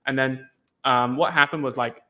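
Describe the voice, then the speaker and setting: A young man from Hong Kong, a podcast host and former ABA therapist, explains things casually at a normal speed. His bright, forward voice sits at an ordinary middle pitch, and his relaxed, rambling, chatty talk leans heavily on "like" while he acts out sounds and reactions.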